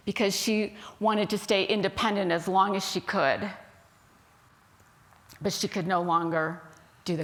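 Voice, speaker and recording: A woman minister giving a sermon, telling a story in a gentle, unhurried way. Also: mid-range voice.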